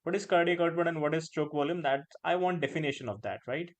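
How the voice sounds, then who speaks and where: A pharmacology teacher, a man with an Indian English accent and a fairly high pitch, lectures live online at a quick pace. He echoes his own phrases, adds "right?" to his lines, and drops in Hindi words.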